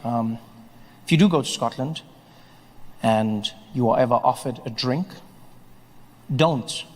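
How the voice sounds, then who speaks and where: A man performing a stand-up comedy set, animated and storytelling, acting out voices and building to shouts. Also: medium pitch, takes it slowly, a little hiss or hum. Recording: live stage with long reverb.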